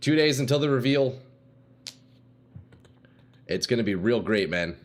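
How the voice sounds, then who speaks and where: A game streamer chats casually with his viewers, calling them "dude" and "boys" in laid-back slang. His medium-pitched voice is animated, and he talks at a measured pace with long pauses.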